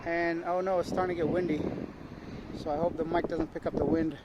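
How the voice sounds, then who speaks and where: A travel vlogger with a fairly high voice talks straight to his handheld camera as he climbs around rocky hills above a city, chatting casually and poking fun at himself. His delivery is flat and quick, the recording is muffled, and the outdoor mic clearly picks up wind, traffic, car horns and dogs.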